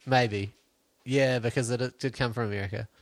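A man's voice: medium pitch, steady tone, moderate pace, dry recording. A skeptical man on a podcast. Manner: skeptical, prodding questions. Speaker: podcast co-host. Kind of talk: casual chat.

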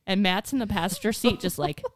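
A woman co-hosting a casual podcast, telling a personal story in an animated way while laughing. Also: mid-range voice, brisk, no echo, clean studio sound. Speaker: podcast co-host. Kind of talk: casual chat.

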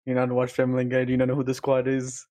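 A man's voice: mid-range voice, monotone, rapid-fire, warm tone. A man in casual chat with friends, joking around and swearing a lot.

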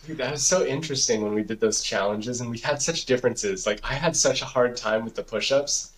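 A man's voice: mid-range voice, a little fast, a bit bright, rough recording. A young man co-hosting a podcast in casual chat, telling a story with a lot of swearing and acting out his own past thoughts. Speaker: podcast co-host.

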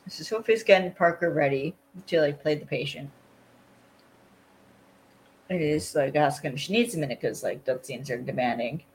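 A woman hosting a casual podcast chat, recapping an episode in a relaxed, chatty way and laughing often. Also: low voice, normal speed, long pauses, slight background noise, poor audio.

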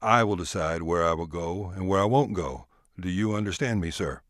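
A man's voice: low voice, normal speed, fairly bright tone, no echo, clean studio sound. A man voicing a self-important young federal agent who talks in a stern, clipped, bossy way. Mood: angry.

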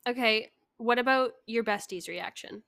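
A giggly young woman reads a story aloud on a podcast and breaks off into joking asides. Her voice sits a little high, and it is recorded close and dry. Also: normal speed, a bit bright, no room sound. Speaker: podcast co-host. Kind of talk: casual chat and story reading.

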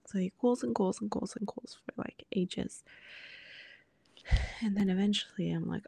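A woman co-hosting a podcast, telling a personal story in casual talk, often sinking into a breathy near-whisper and acting out what others said. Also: on the low side, a little mellow, no room sound. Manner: quotes others in dialogue with many fillers. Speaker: podcast co-host.

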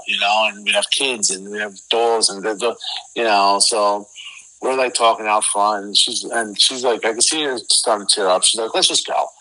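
A man's voice: lowish voice, poor audio. A middle-aged man, an interview guest, telling a rambling story with lots of fillers. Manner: rambling, filler-heavy, animated retelling. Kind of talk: casual storytelling.

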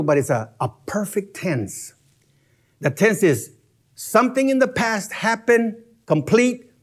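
A man teaching from scripture in an expository sermon, animated and chuckling as he explains grammar step by step. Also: a little high. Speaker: Bible teacher.

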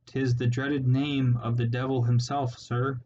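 A man's voice: mid-range voice, flat delivery, unhurried, a little mellow, close to an everyday voice. A man voicing a cowardly, superstitious male ferret soldier with an Irish accent, rambling and pleading, in a slightly muffled recording with faint hiss. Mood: wailing, frightened. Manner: rambling, wailing, rustic storyteller's turns of phrase.

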